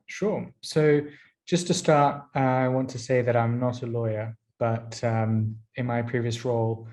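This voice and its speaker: Man, from France, company founder, interview guest, even and flat, mellow tone, measured explanations. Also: mid-range voice. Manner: steady, explanatory. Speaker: founder and CEO, podcast guest. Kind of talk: interview answers.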